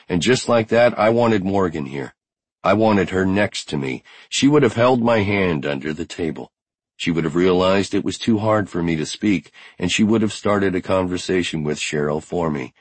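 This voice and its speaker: A man narrating a first-person audiobook in a measured, unhurried way. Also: low voice, dry recording.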